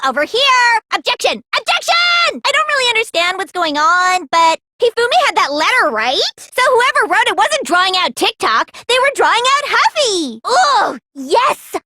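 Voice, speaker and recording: A woman's voice: very high-pitched, big pitch swings, moderate pace, few pauses, bright, forceful tone, a little hiss or hum, exaggerated voice. An actress voicing a manic, cackling young female serial killer in a video game, gleeful with shrieking outbursts.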